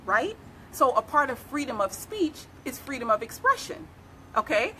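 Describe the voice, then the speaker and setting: With slight background noise, a woman attorney from the United States explains things during a live legal advice talk, emphatically repeating key phrases. Her voice sits high and swings widely in pitch, sounding pushed and bright at a moderate pace.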